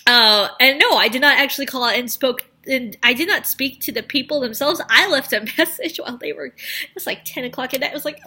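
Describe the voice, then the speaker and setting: Chatty bright-voiced young woman vlogger. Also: high-pitched, a little fast, slightly rough. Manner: chatty and rambling, lots of filler words. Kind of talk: casual storytelling to camera.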